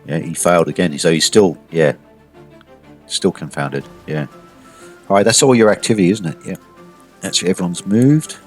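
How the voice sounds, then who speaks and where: A man's voice: low voice, moderate pace, long pauses, a little mellow, soft background music. A man narrating as game master of a tabletop game, hesitant, with frequent restarts. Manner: hesitant, with many restarts and "sort of".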